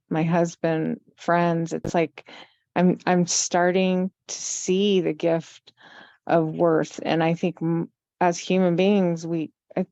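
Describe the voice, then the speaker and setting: A woman's voice: fairly low pitch, creaky, a little mellow, no room sound, lo-fi sound. A woman in her fifties, a podcast guest, speaking earnestly and reflectively in a candid conversation. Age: 50s.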